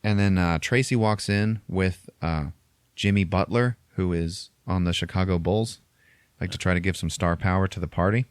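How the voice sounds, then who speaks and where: A man's voice: deep voice, normal speed, clean tone, dry recording. Profane young man retelling a movie. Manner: animated, profane, laughing, acts out lines. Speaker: podcast host. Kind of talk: casual chat retelling a movie.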